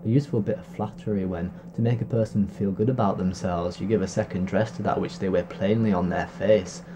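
Brooding man reading dark fantasy. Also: low-pitched, steady tone, fairly quick, background noise. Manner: brooding, declamatory. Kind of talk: dramatic fantasy narration.

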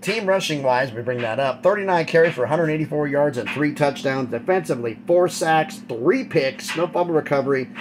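Male sports commentator, slightly high voice, blunt opinionated stat recap, noisy background hiss. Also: a little fast, hardly any pauses. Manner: blunt and opinionated, rattles off stats. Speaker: college football commentator.

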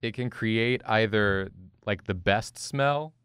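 A man's voice: on the low side, slow pace, a bit bright, clear, resonant tone, no room sound, clean studio sound. A young man chatting casually while drawing, explaining ideas in a rambling way. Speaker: show artist.

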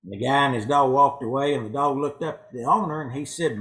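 A man's voice: mid-range voice, quick pace, a bit bright, rough recording. A male pastor giving an evening sermon in a church, folksy and fond of telling jokes. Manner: folksy joke-telling preacher. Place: church sanctuary.

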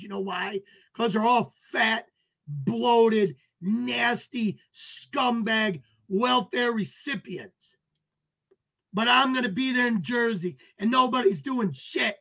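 High-pitched, slow, taunting man. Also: gravelly, pushed and bright. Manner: aggressive, taunting, profane; greets and answers viewers by name. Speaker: livestream host. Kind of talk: ranting livestream talk to chat.

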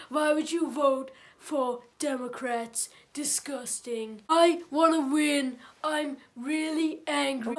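A performer doing a comedic impression of an angry, boastful older male politician who rants repetitively. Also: high voice.

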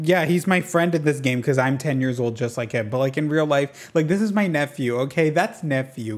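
A man giving excitable, campy gameplay commentary, full of gasps, sassy asides and sudden jumps in pitch. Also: moderate pace, few pauses, soft background music. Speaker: gaming video creator.

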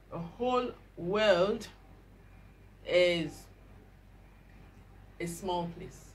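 A woman teaching pronunciation, spelling out words letter by letter and repeating them slowly with exaggerated care. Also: lowish voice, very animated, low-quality recording. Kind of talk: slow, drawn-out pronunciation lesson.

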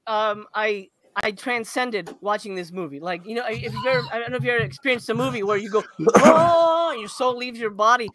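A man co-hosting a podcast, telling a story in a casual chat, getting excited, laughing and swearing. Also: very high-pitched. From Los Angeles area. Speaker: podcast co-host.

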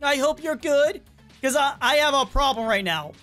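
A high-pitched woman chatters through her game commentary, excitable and quick to talk back to the characters on screen. Her voice sounds worn and cracking, with a cough coming through. Faint game music plays underneath. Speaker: gameplay commentator.

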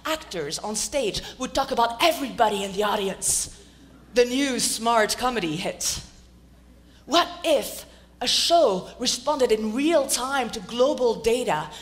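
A woman giving a dramatic, theatrical stage talk in a large auditorium, rousing the audience with rhetorical questions. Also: mid-range voice. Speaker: speaker.

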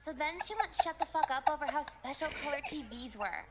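Snarky teen girl, read by a woman, quick and high, faint hiss behind, gossipy and crude. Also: natural voice. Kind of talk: voicing a game character aloud.

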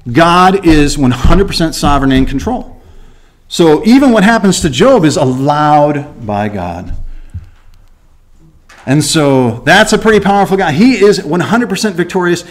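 A man preaching a chapter-by-chapter Bible study in a lively, chatty way. His slightly high voice swings up and down as he throws rhetorical questions at the listeners and acts out the story. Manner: animated, conversational, rhetorical questions, acts out quotes. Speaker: Bible teacher at a church. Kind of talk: verse-by-verse Bible teaching.

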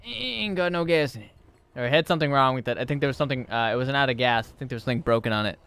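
Rapid-fire and clear, this young man's medium-pitched, resonant voice stays fairly even as he plays a game live for the first time. Talking to chat and to himself, he swears, panics, and lets out yelps and shouts whenever something startles him.

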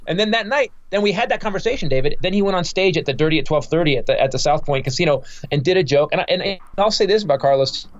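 A man's voice: on the high side, expressive, fast talker, few pauses, no echo. A male comedian, a guest on a podcast, telling a heated story with lots of cursing and stop-start restarts. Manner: profane, heated, rambling with many restarts. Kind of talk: casual podcast interview storytelling. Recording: dull, dry podcast audio.

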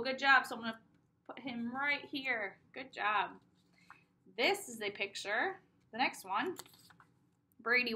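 A young woman teaching preschoolers in a recorded lesson, slowly sounding out vowels and repeating them with emphasis. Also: a little high, pushed and bright.

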